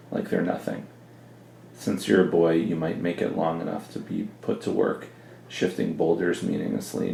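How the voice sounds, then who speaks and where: A man reading a calm, cruel older male villain's speech in his own plain voice, with no put-on accent. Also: deep voice, gravelly, echoey room, slight background noise, low-quality recording.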